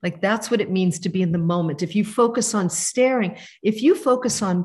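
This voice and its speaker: Gentle woman teaching meditation. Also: medium pitch, a little fast. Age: 50s. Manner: warm, gentle, conversational with soft asides. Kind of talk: live online teaching. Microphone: video call.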